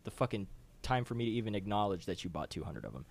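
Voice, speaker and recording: A man's voice: very animated, fast talker, vocal fry, exaggerated voice. A man doing a blunt game warden. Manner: low, quiet, blunt and swearing. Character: blunt, profane middle-aged male game warden.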